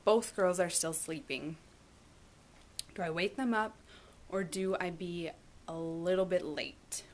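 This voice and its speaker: A woman's voice: fairly low pitch, slow. A young woman, a mom, chatting casually to her camera at home, rambling with fillers. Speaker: vlogger, mom. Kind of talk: casual vlog chat. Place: family home, indoors.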